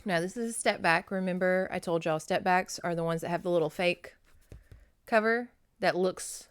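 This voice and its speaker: A woman with a Louisiana Southern accent, hosting her book review channel in a rambling, excitable, chatty monologue, often laughing and talking straight to viewers. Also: on the low side, fairly quick, no echo, clean studio sound. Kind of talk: casual chatty monologue to camera.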